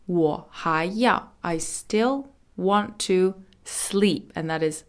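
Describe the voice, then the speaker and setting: A woman hosting a language lesson podcast, explaining phrases in a chatty way and saying model words slowly and carefully. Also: lowish voice. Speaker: Mandarin teacher.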